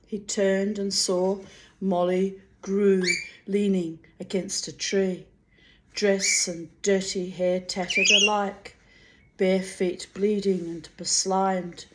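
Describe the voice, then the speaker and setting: A woman reading a fantasy novel aloud in a slow, measured, gentle voice. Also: medium pitch, flat delivery, background noise. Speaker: reader. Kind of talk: audiobook narration.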